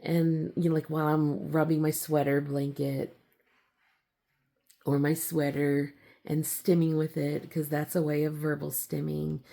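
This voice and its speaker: A young woman talking in a casual personal vlog, giggly and halting, full of fillers and restarts. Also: little pitch movement, creaky, dark tone. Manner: slips into a squealing high voice when acting out her younger self. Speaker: vlogger.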